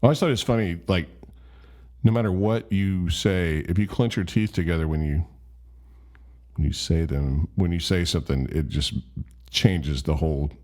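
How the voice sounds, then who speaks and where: Deep-voiced man telling a story. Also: normal speed, a little mellow. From Memphis, USA. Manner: rambling, self-deprecating. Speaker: vlogger. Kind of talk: casual storytelling.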